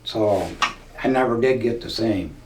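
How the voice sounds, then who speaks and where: A man in his seventies from Nebraska, a veteran telling stories in a folksy way for an oral history interview. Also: mid-range voice. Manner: slow, folksy storytelling. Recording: roomy, distant mic, faint hiss.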